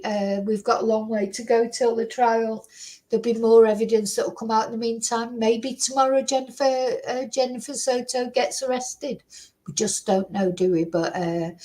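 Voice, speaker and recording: A woman's voice: a little high, a little mellow, low-quality recording. A woman hosting a true crime chat at her computer, talking casually and ramblingly with lots of "you know" and tag questions. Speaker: true crime channel host. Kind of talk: casual solo commentary to viewers. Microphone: computer microphone at a desk.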